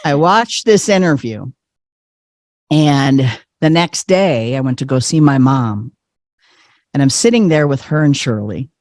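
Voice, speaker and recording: Male podcast guest, animated storyteller who acts out voices, dry close sound. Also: mid-range voice, unhurried, no room sound. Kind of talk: personal storytelling in casual chat.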